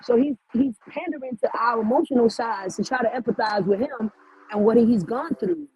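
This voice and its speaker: A woman's voice: fairly high pitch, moderate pace, mellow, slightly rough, rough recording. A woman co-hosting a casual talk show, blunt and profane, asking the same questions over and over. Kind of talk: casual chat.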